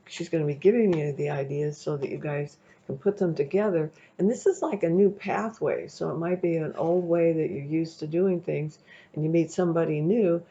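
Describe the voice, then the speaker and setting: Chatty tarot reader, woman, gravelly low-fi sound, loose rambling delivery. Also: dark tone. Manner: chatty, rambling, checks in with "okay?". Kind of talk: casual tarot reading to camera. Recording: dull lo-fi recording.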